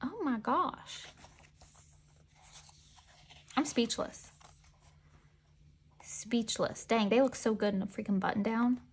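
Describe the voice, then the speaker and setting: A woman vlogger giving excitable, gushing commentary as she unboxes merchandise and talks back to the photos. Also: a little high, measured pace, slightly rough.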